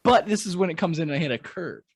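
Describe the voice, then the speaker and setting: A man co-hosting a podcast, telling a story in a loose and profane way. His voice sits a bit high for a man. The chat is casual and full of asides. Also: fast talker, breathy edge. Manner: animated storyteller, swears freely. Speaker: podcast host.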